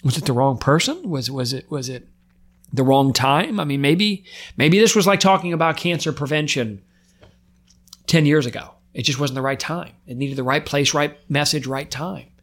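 A middle-aged man, a firefighter guest on a podcast, telling a personal story with raw emotion, often repeating and restarting his words, his voice rising when worked up and dropping off quietly. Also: on the high side, animated, normal speed.

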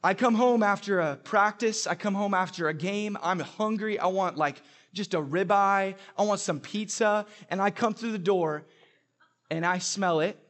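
A man's voice: sits high, moderate pace, a bit bright. A young adult man preaching a sermon, telling stories with humor and emphatic repetition. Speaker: pastor.

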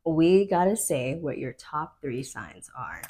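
A woman's voice: low voice, lively intonation, mellow. A woman hosting a podcast in upbeat, affirming casual chat, often chiming in. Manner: upbeat, affirming, quick interjections. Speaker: podcast host.

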